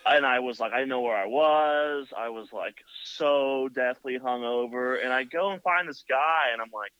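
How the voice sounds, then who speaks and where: A motorcycle builder telling a long story in casual chat, full of "like" and "you know.". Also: male voice, medium pitch, moderate pace, clean tone, no echo. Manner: rambling, filler-heavy with many "like" and "you know". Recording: dull lo-fi, dry sound.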